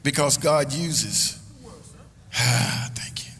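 A man preaching a humorous sermon with call-and-response to his congregation, swinging between shouts and low asides. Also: drawn-out words, in a whisper. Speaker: pastor. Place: church sanctuary. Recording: reverberant hall with congregation and noise.

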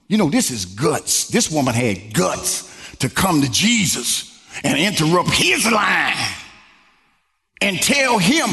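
A male pastor preaching a sermon in a style, swinging from low murmurs to high exclamations. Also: very animated, slow pace, gravelly, pushed and bright. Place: church sanctuary. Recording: long reverb from a large church hall.

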